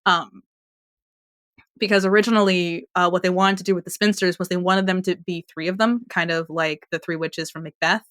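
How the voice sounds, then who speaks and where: Podcast co-host, woman, lower pitch, chatty and rambling, dry close sound. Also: fairly even intonation, moderate pace, fairly bright tone, no room sound. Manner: chatty, rambling with restarts and laughs. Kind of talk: casual TV recap chat.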